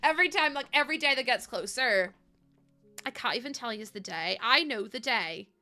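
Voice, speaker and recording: A woman streamer chatting casually with her live chat, excitable and talkative, laughing often. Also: fairly high pitch, normal speed, faint music behind.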